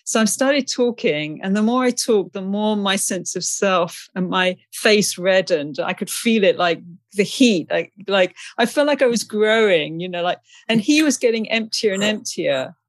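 A woman's voice: medium pitch, animated, normal speed, few pauses, no room sound. A woman from England, a guest in an interview, telling stories in a chatty, anecdotal way and laughing often. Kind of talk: storytelling in a conversation.

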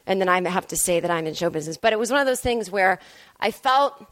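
Medium in pitch with lively intonation, a woman talks quickly in a slightly bright voice, and the recording is dry. She's a comedian hosting her podcast by herself, delivering a rambling, sarcastic, self-mocking monologue into a podcast microphone.

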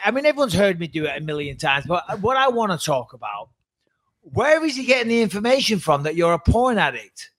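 A man co-hosting a podcast, giving fight picks in animated, teasing casual chat with emphatic repetition. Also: high-pitched, brisk. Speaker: podcast co-host and fight pundit.

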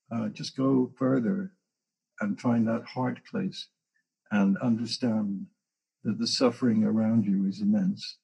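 Very raspy, gravelly man telling stories. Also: medium pitch. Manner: animated storytelling with dramatic asides. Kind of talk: casual spiritual conversation.

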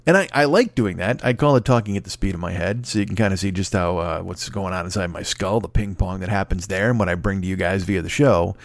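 A man hosting his podcast alone from home, rambling quickly with plenty of swearing, cracking himself up. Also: sits low, vocal fry, no echo, studio quality. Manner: rambling, profane, fast-talking and self-amused. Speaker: podcast host. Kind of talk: solo casual monologue. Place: home recording setup. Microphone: close mic.

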